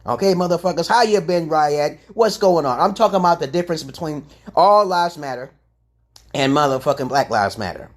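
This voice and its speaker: Husky profane man ranting loud then low. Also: animated, fairly quick. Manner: profane, confrontational, swinging between loud outbursts and low mutters. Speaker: livestream host. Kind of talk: ranting livestream monologue.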